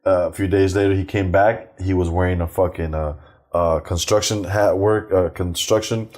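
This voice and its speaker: Low-ish voiced comedian guy, middle-aged, cussing his way through a story about his kid. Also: moderate pace. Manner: animated, acts out quoted voices, swears freely. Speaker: stand-up comedian, guest. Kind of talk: profane anecdotal storytelling.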